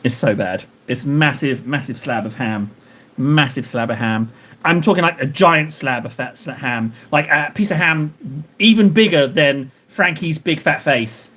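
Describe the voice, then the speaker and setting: A man's voice: medium pitch, unhurried, sharp tone. A man streaming while he paints miniatures, chatting and joking with his viewers in a rambling way. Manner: joking, rambling banter with chat.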